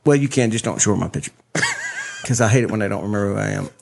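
A man, rambling through a casual podcast chat and laughing often. His voice sits low with a gravelly edge. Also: fast, a little hiss or hum. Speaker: podcast host.

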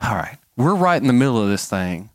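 Animated storytelling man. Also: medium pitch, brisk, dry recording. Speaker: father telling a story. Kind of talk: casual anecdote.

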